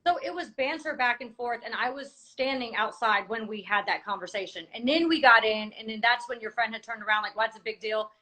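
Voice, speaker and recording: A woman's voice: on the high side, fairly quick, few pauses, bright, forceful tone, rough recording. A woman in a heated conversation, insistently explaining her side at length. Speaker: cast member.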